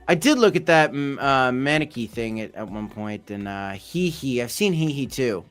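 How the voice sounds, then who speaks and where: A man's voice: medium pitch, expressive, normal speed, a bit bright, clean tone, faint music behind. A man hosting a casual livestream, reading chat comments aloud in a loose, jokey, rambling way. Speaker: host of a crypto livestream.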